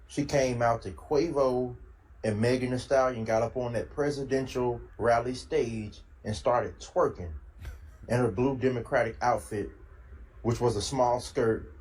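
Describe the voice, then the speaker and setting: A man's voice: mid-range voice, a little mellow, husky, poor audio. A man speaking in a casual commentary clip, indignant and incredulous.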